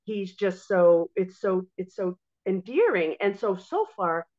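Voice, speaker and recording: A woman guest in a casual interview, telling stories in a lively way and acting out what others say. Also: medium pitch, unhurried. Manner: animated storyteller, acts out quotes. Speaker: guest, music teacher and entrepreneur. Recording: dull lo-fi audio.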